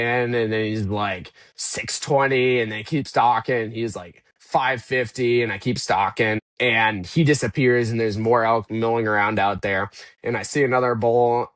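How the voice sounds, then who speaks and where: A man's voice: mid-range voice, a bit bright, no echo. A man as a podcast guest who tells a story with energy and acts out his own past thoughts. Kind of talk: casual storytelling interview.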